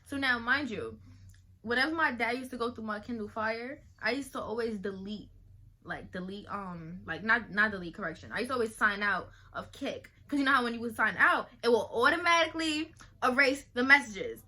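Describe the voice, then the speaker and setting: A young woman vlogger telling a casual storytime, animated and slangy, acting out the people she quotes. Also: fairly high pitch, fairly quick.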